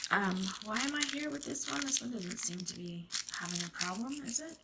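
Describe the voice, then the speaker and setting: A woman and mother chatting casually to her viewers as she crafts, expressive and given to rambling asides. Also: mid-range voice, brisk, vocal fry, few pauses, noisy background. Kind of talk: casual chat while crafting.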